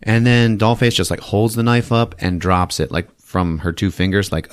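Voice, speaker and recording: A lowish, unhurried male voice recaps a horror film on his podcast. The tone is casual and lively, full of profanity and laughs, and he acts out scenes by doing the voices himself.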